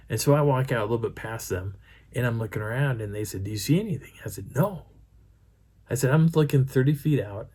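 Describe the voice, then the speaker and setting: A middle-aged man casually retelling a night-time field encounter in rambling, animated first person, with frequent restarts. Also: on the low side, breathy edge. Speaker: Bigfoot researcher telling a field story.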